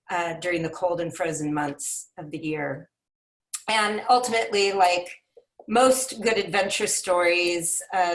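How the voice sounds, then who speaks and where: A woman book editor reading a book passage aloud in a measured way and talking about it on a video call. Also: lowish voice, far from the mic. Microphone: computer mic on a video call.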